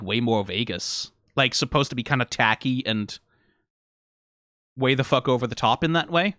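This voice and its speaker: Danish-accented streamer, rambling sweary reactor, animated delivery, dry room. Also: medium pitch, no room sound. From Denmark. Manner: rambling, swears often, many fillers. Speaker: video reactor. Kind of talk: casual reaction commentary.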